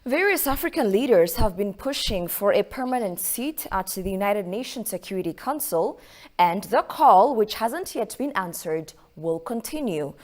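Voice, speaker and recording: A woman anchors the evening news in a mid-pitched voice. She reads formally and at a measured pace. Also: expressive, a little mellow. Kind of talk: news reading.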